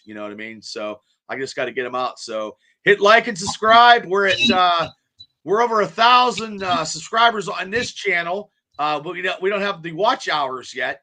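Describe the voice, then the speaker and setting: A man's voice: fairly high pitch, pushed and bright. A man hosting a podcast in casual chat, rambling and stammering as he repeats words. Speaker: podcast host.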